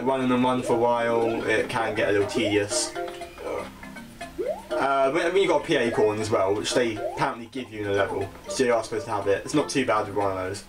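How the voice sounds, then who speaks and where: A young British man chatting casually as he plays a video game, self-mocking and quick to laugh at his own slips. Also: medium pitch. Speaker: gaming channel host. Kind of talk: casual let's-play commentary. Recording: game music playing behind the voice.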